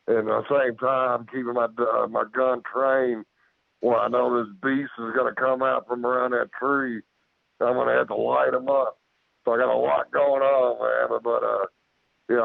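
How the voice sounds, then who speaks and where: A man, a guest on a podcast, telling a story of his own encounter in a rambling way. He keeps repeating "so, so, so" and "man", and he acts out his own shouted lines louder and higher. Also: creaky, no echo. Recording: tinny phone-like line.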